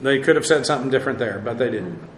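A man's voice: medium pitch, lively intonation, fast, reverberant, a little hiss or hum, low-quality recording. A man teaching an informal Bible class in a conversational way, with many fillers and dry asides.

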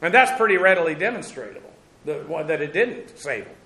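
A man's voice: fairly high pitch, sing-song, a little fast, bright, forceful tone. A man preaching a sermon, teaching scripture in a conversational way, with many fillers and restarts. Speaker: pastor. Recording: echoey room sound.

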